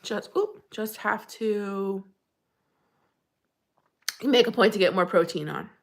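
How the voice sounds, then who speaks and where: A Pennsylvania woman with a medium-pitched voice and a slow pace hosts a casual live chat. Friendly and talkative, she laughs often and greets viewers by name as she reads the chat.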